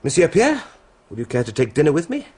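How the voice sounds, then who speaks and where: An actor playing a boastful, hearty French hussar captain in a radio drama, theatrical and quick to laugh. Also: male voice, fairly high pitch, wildly swooping pitch, darkish tone, husky, heavily acted. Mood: genial.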